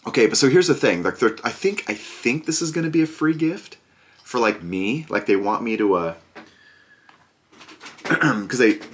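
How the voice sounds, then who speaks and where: A man's voice: medium pitch, animated, normal speed, long pauses, fairly bright tone. A man hosting a board game video, chatting casually and sarcastically with lots of fillers and restarts. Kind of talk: casual product review chat.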